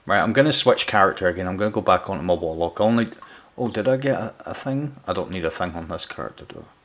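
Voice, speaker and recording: A man's voice: deep voice, animated, fast, fairly bright tone. A man chatting casually with viewers by name while live-streaming a game, talking loosely with many restarts into a home desk mic. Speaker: gaming livestreamer. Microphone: external USB mic at home gaming setup.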